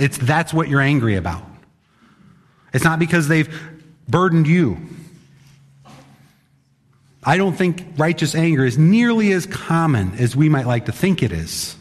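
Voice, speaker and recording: A male pastor delivers a sermon with a slightly high voice, shifting between quiet asides and sudden emphatic punches. He talks plainly to the congregation. The sound carries a long reverb from a large hall. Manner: emphatic, conversational, acts out quotes.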